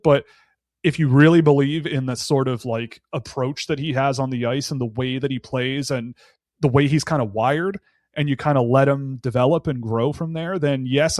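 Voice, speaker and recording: A man's voice: mid-range voice, a little mellow, no room sound, studio quality. A man speaking as a guest analyst on a podcast. He talks casually, thinks aloud, and restarts his sentences often.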